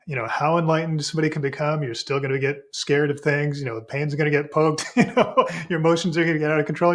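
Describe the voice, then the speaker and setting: A man, a spiritual teacher, explaining ideas in relaxed conversation and acting out inner voices in sudden high exclamations. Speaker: podcast guest, spiritual teacher.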